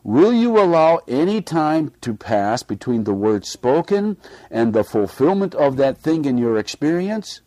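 A man's voice: a little high, sing-song, unhurried, mellow, dry recording. A man delivering a sermon in an earnest way, pressing his listeners with pointed rhetorical questions. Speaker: preacher. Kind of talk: read-aloud sermon.

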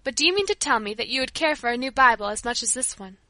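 A woman's voice: a little high, animated, quick pace, sharp tone, dry recording. A woman voicing a middle-aged father who speaks earnestly, in a storybook reading. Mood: astonished. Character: stern but repentant father, middle-aged man.

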